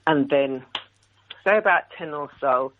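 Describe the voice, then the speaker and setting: A woman's voice: low-pitched, measured pace, slight background noise. A woman phones in to a radio talk show and tells her story with indignant energy. She acts out the other voices as she goes. The sound is thin and tinny, like a telephone line. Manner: indignant, animated retelling with quoted dialogue. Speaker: radio caller. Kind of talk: call-in story telling.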